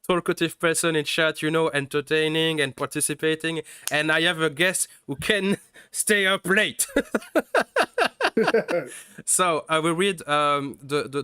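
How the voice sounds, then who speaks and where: A man's voice: on the high side, bright, forceful tone, clean tone, dry recording, clean studio sound. A male host, an English speaker, conducting a live interview in a hesitant way full of fillers. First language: French. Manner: hesitant, many fillers and restarts. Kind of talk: casual live-stream interview.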